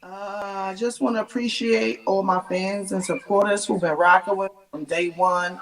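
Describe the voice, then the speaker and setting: A woman's voice: medium pitch, fairly even intonation, moderate pace, hardly any pauses. A woman who is a battle rapper, speaking as a guest in a casual interview. She has a laid-back manner and laughs easily. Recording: distant mic with faint noise.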